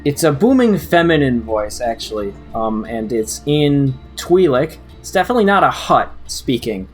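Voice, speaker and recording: A man's voice: medium pitch, big pitch swings, moderate pace, faint music behind. A man narrating as game master of a tabletop game, in a loose, rambling way with many fillers.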